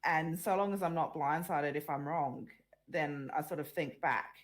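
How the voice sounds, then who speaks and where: A woman hosting an online panel discussion over a video call, chatty and quick to laugh, with a croaky early-morning voice. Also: low voice, steady tone. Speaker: panel host. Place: at home in Australia very early morning.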